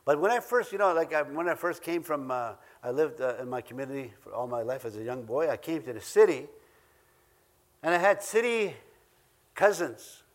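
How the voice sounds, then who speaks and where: Man, Ojibwe accent, high voice, preaching, earnest, repetitive emphasis. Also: animated, moderate pace. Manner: earnest, repeats key phrases for emphasis, chuckles between points. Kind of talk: sermon.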